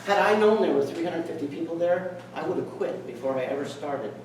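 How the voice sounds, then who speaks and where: With a little high, animated voice and a slightly fast delivery, a middle-aged man tells a personal story in a speech at a meeting, earnest and reflective, acting out the dialogue. The meeting hall sounds echoey, the mic is distant, and there's slight background noise.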